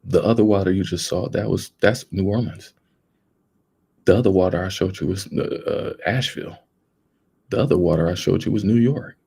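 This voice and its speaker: A man's voice: low-pitched, normal speed, vocal fry, mellow, slightly rough. A young man, hosting a casual livestream and talking earnestly and rambling to his viewers. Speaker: livestream host.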